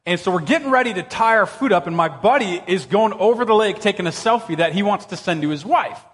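A male pastor delivers a sermon woven with personal storytelling, animated and excitable, speaking fast in a high voice that swoops all over the place. His words ring out with a long reverb across a church hall.

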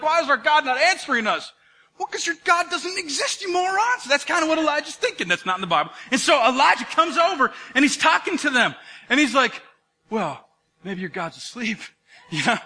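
A male pastor delivers a lively sermon, retelling the story with acted-out voices. His voice sits high and rings bright and forceful. He swings from near-shouts down to low, hushed asides.

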